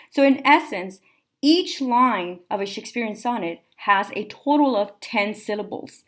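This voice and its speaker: A woman's voice: a little high, measured pace. Woman teacher giving methodical lecture notes. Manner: clear, methodical, steady explaining. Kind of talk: recorded classroom lecture notes.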